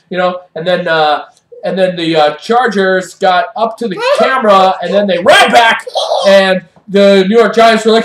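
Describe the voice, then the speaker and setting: An excitable mock sports reporter rambles through a play-by-play, breaking into shouts and quick character voices. The sound is roomy, with the mic set well away on a stage. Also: mid-range voice, distant mic. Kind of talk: improv comedy play-by-play. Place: improv stage.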